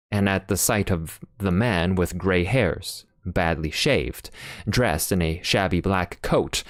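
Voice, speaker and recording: A man's voice: fairly low pitch, no echo, clean studio sound. A man narrating an audiobook in a plain reading manner. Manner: plain reading with occasional fillers and restarts.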